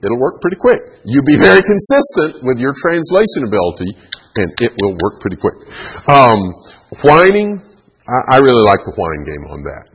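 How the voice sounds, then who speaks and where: A man's voice: mid-range voice, wildly swooping pitch, moderate pace, slight background noise, rough recording. A middle-aged man giving a chatty parenting talk, laughing often and acting out kids and moms. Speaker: parenting speaker. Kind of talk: talk to an audience.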